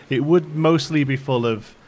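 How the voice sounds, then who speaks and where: Faint music plays behind an English man hosting a live stream, where he builds in a game and chats casually, drifting off topic and laughing often. He has a light Liverpool tinge to his accent and a fairly high, slightly mellow voice.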